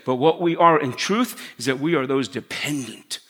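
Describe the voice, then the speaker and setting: A middle-aged man preaching a sermon in a conversational way, dropping to a hush to stress his points. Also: mid-range voice, moderate pace. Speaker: pastor.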